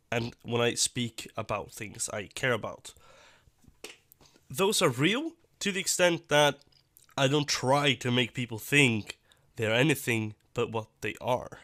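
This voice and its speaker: A man giving blunt, profane reaction commentary, talking in an animated and dismissive way. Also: medium pitch, slow, long pauses, no room sound, clean studio sound. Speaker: YouTube commentator.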